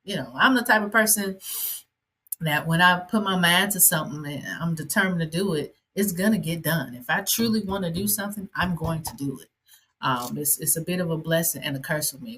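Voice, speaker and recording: Low, husky-voiced woman telling her story. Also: a bit bright. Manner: conversational, with frequent fillers and asides. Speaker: podcast host and ordained minister. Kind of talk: personal storytelling monologue.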